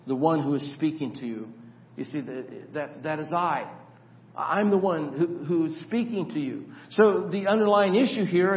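A man preaching a sermon as the church pastor, asking the congregation questions and repeating words as he starts sentences. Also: fairly high pitch. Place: church sanctuary. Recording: dull echoey church hall recording.

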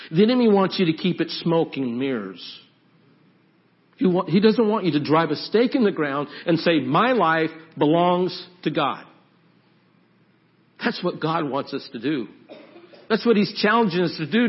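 Earnest pastor leading an altar call. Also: male voice, on the high side, highs cut off. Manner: earnest, pleading, repeats prayers aloud.

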